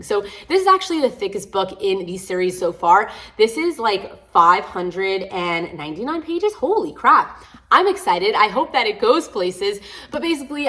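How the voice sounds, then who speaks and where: A woman talks fast through a casual reading vlog. She gushes and rambles, filling her sentences with "like" and the occasional curse. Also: mid-range voice, fairly bright tone. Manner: gushing, rambling with frequent "like" and swearing. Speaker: book vlogger.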